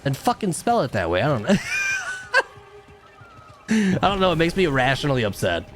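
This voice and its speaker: Animated man streaming a game. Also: fairly high pitch, normal speed, over music. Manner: animated, frustrated outbursts, chatting with viewers. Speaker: gaming streamer. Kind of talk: live game commentary.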